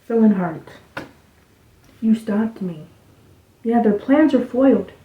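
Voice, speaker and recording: A woman giving a casual spiritual card reading, rambling loosely and dropping into soft muttered asides. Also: fairly high pitch, lively intonation, slow. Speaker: tarot reader. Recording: tinny, phone-like sound in an echoey room.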